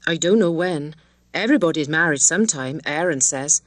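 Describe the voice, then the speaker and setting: An ingenuous young village woman talks with plain, tender warmth, as a woman narrator reads her part. Her voice sits slightly low, recorded close and dry. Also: lively intonation, a little fast, no room sound. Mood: fond, ingenuous.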